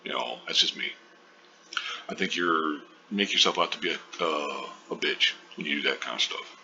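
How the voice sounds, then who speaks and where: A man's voice: rumbling low, moderate pace, creaky. A man giving rambling, profane casual commentary, full of fillers and loose asides. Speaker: online commentary host. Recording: dull lo-fi with faint hiss.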